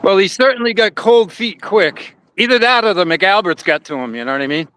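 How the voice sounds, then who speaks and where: A man's voice: high-pitched, lively intonation, fairly quick, pushed and bright, clean tone. A man chatting casually on a live stream from outside a courthouse, speculating with trailing asides. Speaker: on-site reporter at courthouse.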